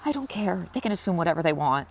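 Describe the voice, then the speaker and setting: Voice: medium pitch, sing-song, fast talker. A person in their twenties speaking earnestly and openly in a confessional personal vlog, reflective and emotional. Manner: emotional, close to tears at times. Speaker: vlogger.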